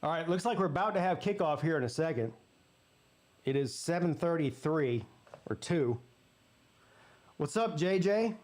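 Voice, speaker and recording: Swearing, animated male sports streamer. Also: on the high side, moderate pace, pauses often. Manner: animated storyteller acting out quoted voices; swears freely. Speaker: host of a sports watch-party stream. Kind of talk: casual storytelling to live chat.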